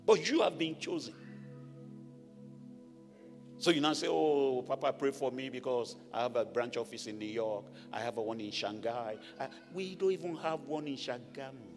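A man from Nigeria preaching a sermon as pastor, animated, rising to shouted blessings over the congregation. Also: medium pitch, normal speed. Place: large church hall. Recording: echoey church hall with music.

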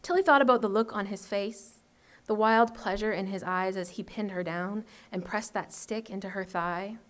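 A woman author reading her short story aloud at an open mic, in a steady, measured way. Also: mid-range voice.

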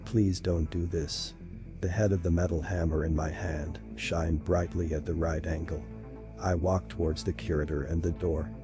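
A man reading a horror story in a slow, measured, dramatic style. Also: sits low, flat delivery, music in the background. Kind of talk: scripted horror narration.

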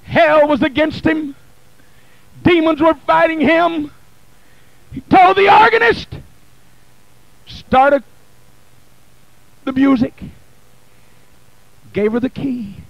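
A man who is a bishop, preaching a Pentecostal sermon in a church, with a rhythmic, chanted, shouting delivery, on an archival 1980 church recording. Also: very high voice, slow, gravelly, pauses often, no room sound, highs cut off. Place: church sanctuary.

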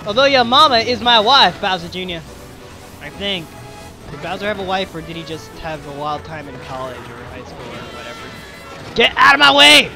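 A young man doing casual let's play commentary, excitable and yelling at the game. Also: fairly high pitch, normal speed. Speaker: let's player. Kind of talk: gaming commentary. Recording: faint game music behind.

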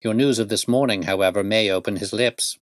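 A man voicing a calm, stern male detective who explains things in a measured, precise way. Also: lowish voice, dry recording, studio quality, close to an everyday voice.

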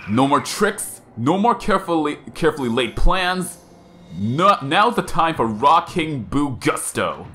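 Villain read: man doing a sneering ghost king, melodramatic, lively swings in pitch. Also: measured pace, faint music behind, heavily acted. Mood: gloating. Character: gloating male ghost king villain, theatrical. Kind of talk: reading game dialogue aloud.

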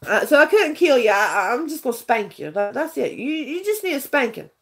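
Woman, casual live vlogger, rambling earnest storyteller, slightly high voice. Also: very animated, brisk, a bit bright. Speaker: vlogger chatting with viewers. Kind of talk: casual livestream chat.

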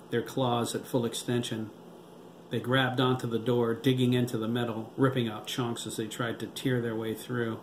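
A man reading his own novel aloud as audiobook narration, in a steady, even way. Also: medium pitch. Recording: roomy with faint hiss.

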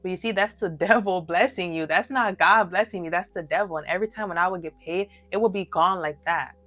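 A young woman with a low voice tells her testimony in an earnest, emphatic, casual way, speaking straight to the viewer. The audio is slightly dull and lo-fi, with soft music underneath. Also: fairly quick, no echo. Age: early 20s. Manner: emphatic, talks straight to viewers with many fillers. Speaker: vlogger sharing her testimony.

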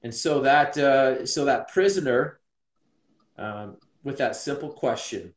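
A man's voice: mid-range voice, slow pace. A man in his forties from Utah, earnestly and reflectively telling a personal story as an interview guest. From Utah, USA. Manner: earnest and reflective, many restarts. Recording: roomy echo.

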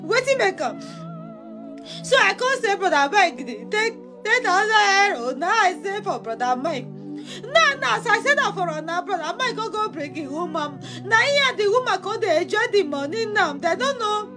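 A woman's voice: extremely high pitch, full character voice. A woman playing a jilted young woman abroad in a comic skit. She has a Nigerian accent and pleads for her money, wailing with laughter mixed into her sobs. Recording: music playing under the voice. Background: music.

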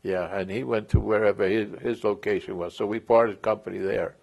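A man's voice: lowish voice, fairly even intonation, brisk, vocal fry, darkish tone. A man in his eighties telling a veteran's war memories in an oral history interview, rambling and chuckling with many restarts. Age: 80s.

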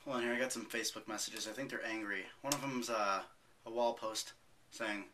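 A man's voice: fairly low pitch, steady tone, a little fast, background noise. A young man vlogging casually, rambling and swearing as he mocks himself. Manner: profane, rambling, self-mocking.

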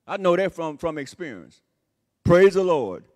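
A man's voice: on the high side, very animated, normal speed, darkish tone. A man preaching a sermon as associate pastor, repeating his points with emphasis and breaking in with "Amen" and "Praise the Lord.". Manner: repetitive emphatic phrasing. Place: church sanctuary. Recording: long reverb of a church hall.

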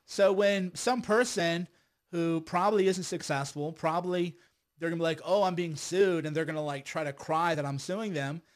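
A man's voice: fairly high pitch, moderate pace. A middle-aged man, a lawyer and filmmaker, speaking in a casual, combative monologue, repeating words and tagging lines with "right?".

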